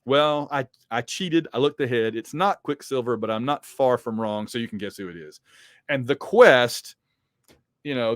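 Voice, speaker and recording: A man's voice: mid-range voice, no echo, studio quality. A man hosting a podcast, reading comic books aloud with chatty, wry commentary. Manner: chatty, wry asides, many fillers. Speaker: podcast host.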